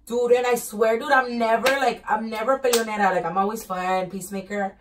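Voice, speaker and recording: Fast-talking young woman, slangy. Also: on the high side, steady tone, slight background noise. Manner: quick, slangy, swears. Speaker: friend recounting a night out. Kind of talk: casual storytelling among friends. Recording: distant mic, heard from far off.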